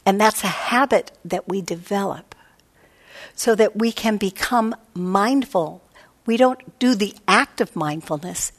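A woman's voice: mid-range voice, unhurried. A woman meditation teacher giving a reflective dharma talk, often voicing her own inner thoughts. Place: meditation hall.

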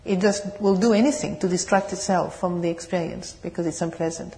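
A woman with a French accent tinged with British English, giving a meditation talk and answering questions in a gentle, searching way. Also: on the low side, steady tone, a little fast, a little hiss or hum. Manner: gentle, searching, laughs softly, asks the audience questions. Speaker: meditation teacher. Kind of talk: dharma talk with Q&A. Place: meditation hall.

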